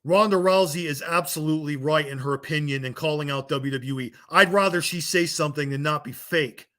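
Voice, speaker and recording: A man's voice: a little high, fairly quick, fairly bright tone. A man delivering a heated, blunt rant to his viewers, swearing and scolding them as a wrestling vlogger. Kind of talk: angry rant to camera.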